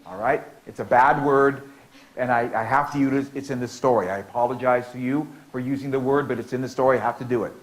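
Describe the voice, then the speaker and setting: In a rough, low-quality recording, a middle-aged American man with a mid-range voice speaks fast in a steady tone, telling a story to a conference crowd. He playfully repeats lines in a rhythmic, oral-storytelling style and cues the audience into call-and-response.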